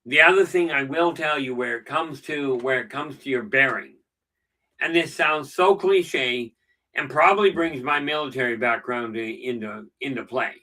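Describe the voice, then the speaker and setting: A man's voice: medium pitch, moderate pace, pushed and bright, distant mic, low-quality recording. A middle-aged man hosting a casual live stream, telling stories with dry jokes. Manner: chatty storyteller with dry jokes. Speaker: channel host.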